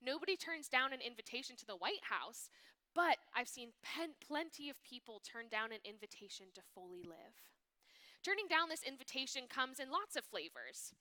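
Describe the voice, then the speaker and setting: Bright-voiced woman giving a sermon reading. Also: sits high. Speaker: youth ministry speaker.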